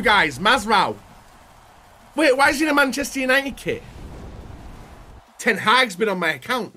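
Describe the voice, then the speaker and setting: Young man, high bright voice, wildly animated pitch, unhurried pace, yelps and shouts, game pack commentary. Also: a little hiss or hum. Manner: excitable, yelps and shouts at the screen; talks to viewers as "guys". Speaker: YouTuber.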